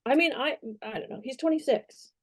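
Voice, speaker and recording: A woman's voice: high-pitched, a little fast, dry recording. A woman on a podcast chatting casually and thinking aloud in a hesitant way. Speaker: podcast co-host, flight nurse. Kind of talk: casual chat.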